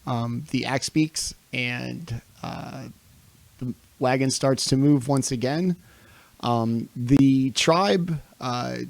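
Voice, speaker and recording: A game master narrates a tabletop campaign slowly, filling pauses with ums as he sets each scene. His voice has a gravelly edge and sounds dry and close on a home livestream mic. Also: mid-range voice, no echo. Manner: slow, with frequent ums and pauses. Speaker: dungeon master.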